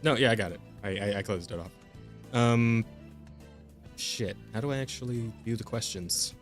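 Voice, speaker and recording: A man's voice: on the low side, faint music behind. A man co-hosting a podcast in casual chat, reading listener questions aloud with frequent laughs and swearing. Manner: laughing, swearing, quick asides. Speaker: podcast co-host.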